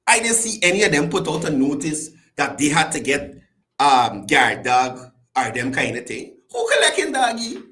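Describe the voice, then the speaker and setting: A slightly high male voice at moderate pace, reverberant in the recording. The speaker is the host of a casual commentary show in call-in format, chatting, greeting viewers by name and speaking with lively rises and dips.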